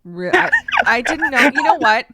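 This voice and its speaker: A woman's voice: sits high, animated, moderate pace, very noisy. A woman co-hosting a casual podcast, making wry remarks and laughing asides. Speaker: podcast co-host.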